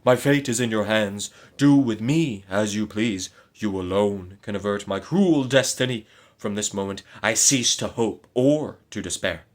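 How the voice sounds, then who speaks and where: A man's voice: medium pitch, normal speed, natural voice. A man playing a lovesick young knight in a storybook reading, earnest and pleading.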